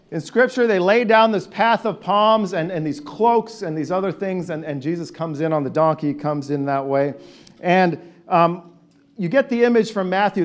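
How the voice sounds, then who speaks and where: A man preaching a conversational sermon, animated and leading his congregation in call and response. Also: fairly high pitch. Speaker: pastor.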